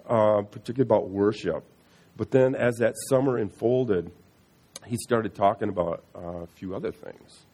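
A middle-aged man sharing a personal faith testimony in an earnest, halting way, often restarting and repeating words. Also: medium pitch, darkish tone, slightly rough.

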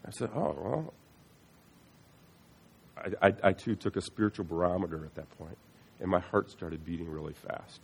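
A middle-aged man sharing a personal faith testimony in an earnest, halting way, often restarting and repeating words. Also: low-pitched, vocal fry, darkish tone, breathy edge.

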